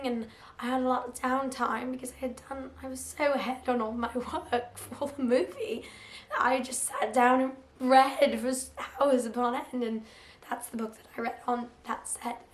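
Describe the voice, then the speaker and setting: A young woman with a hoarse, recovering voice chatting casually about books, full of "like" fillers. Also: high voice. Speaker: book vlogger. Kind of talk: casual chat. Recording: roomy echo.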